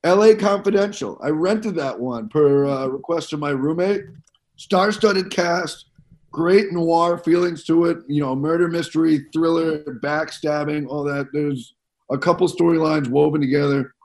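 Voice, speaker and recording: A man with a slightly raised pitch talks as an upbeat podcast co-host. He gives quick film recommendations with a playful showman flair. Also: a little mellow. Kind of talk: casual podcast chat.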